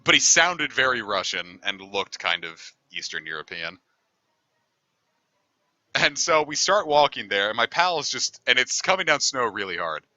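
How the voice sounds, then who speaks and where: A man's voice: medium pitch, big pitch swings, moderate pace, bright, forceful tone, no room sound, dull audio. A man streaming a game, telling a long story in a rambling, easygoing way and swearing casually. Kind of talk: casual storytelling over gameplay.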